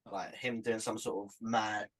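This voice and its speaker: Husky, laid-back man. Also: fairly low pitch, little pitch movement, a little slow, rough recording. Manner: laid-back, hesitant, many fillers. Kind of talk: casual podcast chat.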